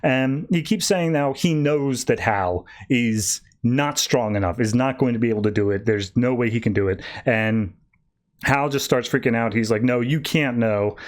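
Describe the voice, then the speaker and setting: A man hosting a podcast, casually recapping a comic issue and voicing the characters in quick, animated asides. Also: medium pitch. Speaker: podcast host.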